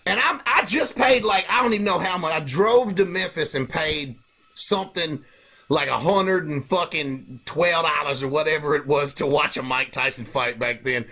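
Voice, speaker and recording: A man hosting a casual comedy podcast, telling profane, animated stories. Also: fairly high pitch, moderate pace. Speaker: podcast host.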